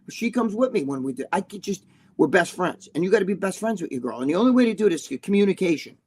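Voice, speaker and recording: A man's voice: high voice, animated, quick pace, a little mellow, breathy edge. A man with a New Jersey accent, co-hosting a casual live chat in a blunt, rambling, profane way. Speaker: co-host.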